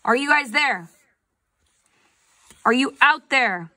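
Woman art teacher, live online lesson, slightly high, chatty and encouraging, computer mic. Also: animated, slow pace, pushed and bright. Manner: upbeat, chatty, coaxing students to respond. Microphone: computer mic on a video call.

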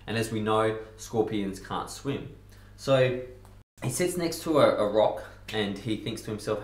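A man tells a fable in a casual, conversational way and leans on frequent fillers. His voice is on the low side. A roomy echo hangs around every word. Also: a little slow. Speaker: self-help speaker. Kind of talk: storytelling in a self-help talk.

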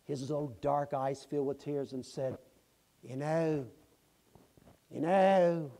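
A man preaching a sermon, telling a story with lively swings from loud exclamations to hushed asides. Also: mid-range voice, moderate pace, gravelly, slightly rough. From Tennessee, USA. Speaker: pastor. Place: church sanctuary.

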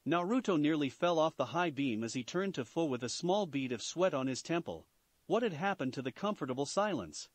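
Male narrator, animated story reading, fairly high voice. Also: a little fast, no echo. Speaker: fan-fiction reader.

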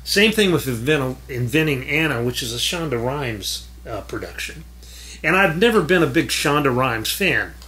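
A man's voice: medium pitch, animated, normal speed, pushed and bright, slight background noise. A man hosting a casual film commentary, rambling and correcting himself as he talks about what he has been watching. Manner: rambling, self-correcting, chuckling asides. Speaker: film critic host.

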